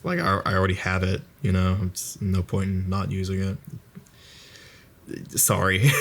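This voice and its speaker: A man's voice: low-pitched, animated, measured pace, fairly bright tone. A man giving casual, rambling commentary on his own let's play through a VR headset mic, self-deprecating and swearing freely.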